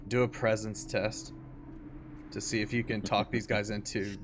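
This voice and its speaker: Male game master, deeper register, unhurried scene narration, slight noise floor. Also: level tone.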